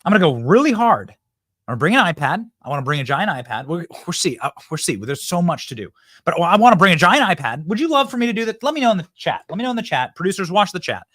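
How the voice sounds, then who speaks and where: Here a male political show host addresses his audience in a fast, fired-up rant, stressing points and circling back to them again and again. The voice sits high with a sing-song lilt and a fairly bright tone, captured in a clean, dry studio recording.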